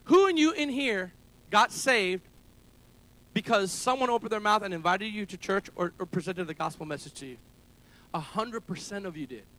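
A man preaching a sermon as pastor, calling out to the congregation for amens and rising to shouts. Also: high voice, lively intonation, moderate pace. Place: church service held in a school building.

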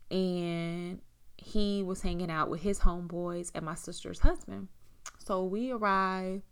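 A young woman with a fairly low voice, vocal fry, and a clear, resonant tone openly recounts something that happened to her. Her telling is casual and candid, peppered with swearing and constant "like" and "you know."

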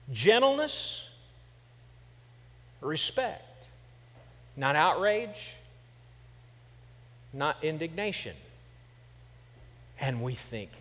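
A man's voice: high voice, sing-song, drawn-out words, long pauses, a bit bright, long reverb tail. A middle-aged male pastor from Kansas preaching a sermon, telling stories with humor and then pressing his points with emphasis. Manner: conversational storytelling with humor, building to emphatic points. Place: church sanctuary.

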